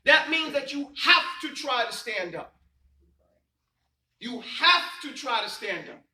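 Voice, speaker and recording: A man's voice: extremely high pitch, very animated, a little slow, sharp tone, reverberant, far from the mic, low-quality recording. Emphatic man teaching a class. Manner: quizzing students, emphatic and repetitive. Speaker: religious teacher. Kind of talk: classroom lesson with call and response.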